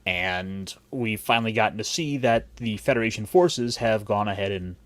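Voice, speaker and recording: He speaks at a moderate pace in a lowish, somewhat bright voice, recorded dry. A podcast host who grew up in Cleveland and Puerto Rico, he keeps the chat casual, rambling and jokey, often interrupting himself.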